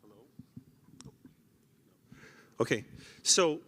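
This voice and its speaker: American guy, governor type, bright forceful voice, folksy and laughing, big reverby hall. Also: extremely slow. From United States. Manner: casual, chuckling, folksy. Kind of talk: onstage conversation. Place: large conference hall.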